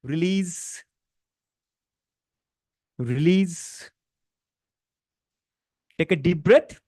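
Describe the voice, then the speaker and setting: A man guiding a live online stress-relief session, speaking gently with many fillers and restarts. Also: on the high side, drawn-out words. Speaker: stress-relief workshop facilitator. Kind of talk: guided tapping session on a live online class.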